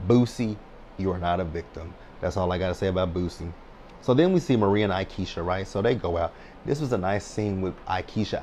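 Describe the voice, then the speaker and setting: Recapping a reality show, a man in his thirties with a low, darkish voice is blunt, sassy and talkative, often throwing in "child" and "right?". Slight background noise is audible.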